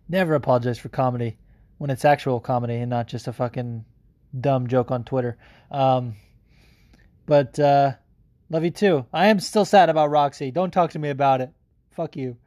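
A man's voice: medium pitch, warm tone, no echo. A man hosting his own podcast, rambling with plenty of "um"s and cheerful swearing. His voice is recorded close and dry, with no room sound. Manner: profane, rambling, with many fillers. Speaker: podcast host. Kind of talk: casual podcast monologue.

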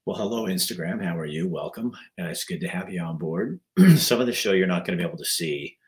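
An older man hosting a casual live stream, losing his voice, rambling in a folksy way and often clearing his throat. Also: low voice, lively intonation, quick pace. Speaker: livestream host.

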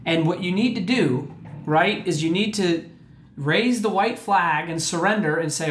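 A man's voice: high voice, unhurried, a bit bright. A man hosting a mental health podcast, talking earnestly and emphatically, often checking in with "okay?". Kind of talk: earnest motivational talk. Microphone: podcast mic. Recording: roomy echo.

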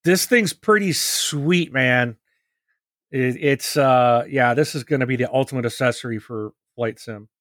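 A man co-hosting a podcast, talking casually and rambling with halting restarts. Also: medium pitch, a bit bright, no echo, clean studio sound. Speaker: podcast co-host.

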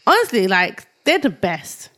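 A woman co-hosting a casual podcast chat, telling stories in an animated, gushing way with frequent laughter. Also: mid-range voice, a little slow. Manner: animated, gushing storyteller who laughs often. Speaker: podcast co-host. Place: indoor podcast recording.

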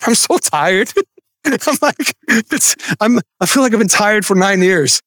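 A man's voice: high voice, expressive, a little slow, fairly bright tone, dry recording, studio quality. A man in his thirties preaching a conversational sermon as a pastor, with chatty asides and light laughter.

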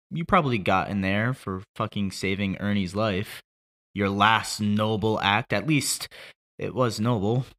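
Man performing an anguished grown son at his father's grave, low voice, bright edge, swearing, cracking from yells to hushed pleading. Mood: raging. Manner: swings from shouting to broken quiet. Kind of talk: script read aloud as a monologue.

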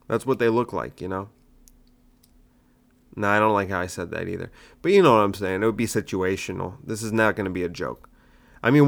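Un humoriste qui décortique ses blagues, ton décousu. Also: male voice, medium pitch, fairly bright tone, clean tone. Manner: rambling, self-mocking, picks apart his own jokes. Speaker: stand-up comedian and podcast host. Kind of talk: casual solo podcast monologue.

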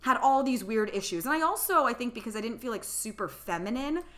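A woman in her thirties tells a personal story as a podcast guest, her voice bright and forward. She chats casually and acts out the people she quotes. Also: on the high side, expressive, fairly quick. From California.

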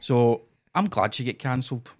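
A Scottish man holding forth in a casual chat, ranting and sarcastic, his talk full of swearing. His voice sits at an everyday middle pitch for a man. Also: animated, normal speed. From Scotland.

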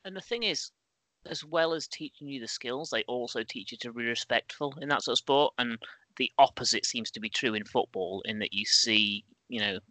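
A man's voice: mid-range voice, moderate pace, bright, forceful tone, dry recording, rough recording. A man on a podcast panel, speaking casually with a wry, dry humor.

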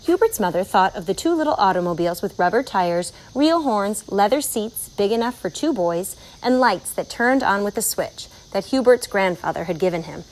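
A woman narrating a children's storybook aloud in a clear, measured way. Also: mid-range voice, expressive, low-quality recording.

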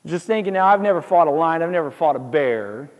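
A man preaching a sermon, animated storytelling with jokes and asides that builds to emphatic exhortation. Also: fairly high pitch, fairly quick, in a large hall. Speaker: pastor.

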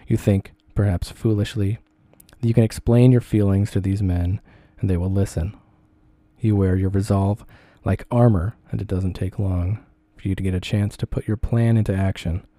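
A man reading a second-person essay aloud in a measured, deliberate way. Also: on the low side, fairly even intonation, dark tone, no room sound.

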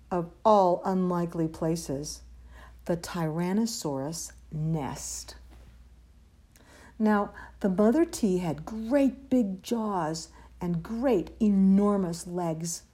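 A woman's voice: medium pitch, dark tone. A woman reading a rhyming children's picture book aloud with a lilting, sing-song rhythm. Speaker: storyteller.

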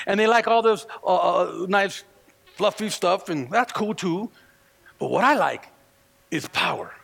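A male pastor preaching a sermon with fervor, dropping to hushed lines and rising to shouted peaks, often stumbling and restarting his words. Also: sits high, animated, moderate pace, creaky.

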